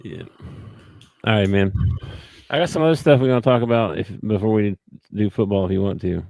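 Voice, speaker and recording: A man's voice: fairly low pitch, a little fast, gravelly, a little mellow, dry recording. A man co-hosting a sports podcast, talking in an easygoing, chuckling casual way. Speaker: podcast co-host. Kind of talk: casual chat.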